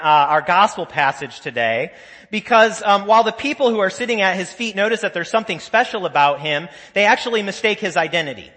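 A man with a fairly high, bright voice preaching a sermon in a church sanctuary. He talks conversationally, telling stories, making asides and acting out quotes. A long church reverb trails his words. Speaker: pastor.

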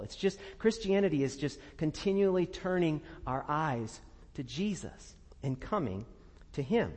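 Earnest pastor preaching in a reverberant church. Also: male voice, animated, unhurried. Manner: earnest, conversational, laughs often, drops soft and low for prayers. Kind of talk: sermon.

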